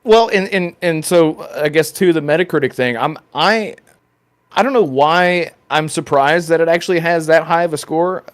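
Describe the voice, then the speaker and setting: A man co-hosting a casual podcast chat, animated and quick to laugh, with many restarts. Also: on the high side, smooth. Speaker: podcast co-host.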